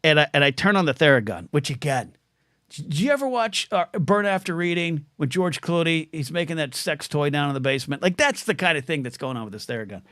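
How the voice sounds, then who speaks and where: A man's voice: a little high, expressive, fairly quick, a bit bright, no room sound. Middle-aged guy rambling on his solo livestream podcast, stumbles over words, gets emotional, dry close sound. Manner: rambling, repeats words, emotional and choked up when thanking viewers. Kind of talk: rambling livestream chat reading viewer comments.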